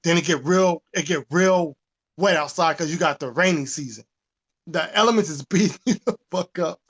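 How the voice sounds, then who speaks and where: A man's voice: on the high side, normal speed, husky. A man, ranting with profanity in a casual podcast talk. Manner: animated, profane, preachy. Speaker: podcast host. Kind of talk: casual rant.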